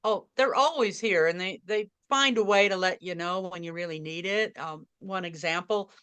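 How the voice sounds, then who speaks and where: An older woman, a guest author in an interview, telling her story earnestly, her voice softening and trailing off. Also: on the low side, moderate pace, clean tone.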